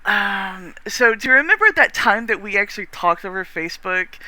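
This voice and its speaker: A Texan-accented streamer talks casually to viewers while gaming, rambling warmly with frequent restarts and an occasional swear. The voice sits at medium pitch with lively intonation and a normal pace.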